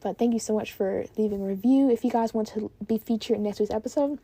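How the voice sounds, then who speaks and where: A woman's voice: fairly high pitch, quick pace, dark tone, husky. A teenage girl hosting her own podcast, chatting casually and gushing, with lots of "like" and "literally". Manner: gushing and bubbly, heavy on "like" and "literally". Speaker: podcast host. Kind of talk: casual solo podcast chat.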